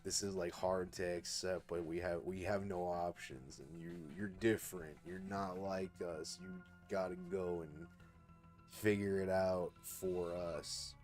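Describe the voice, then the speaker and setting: A gentle android mother who speaks softly and slowly, as a deep-voiced man reads her in his own voice. Faint music lies underneath. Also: steady tone. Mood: tender. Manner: soft, slow and tender.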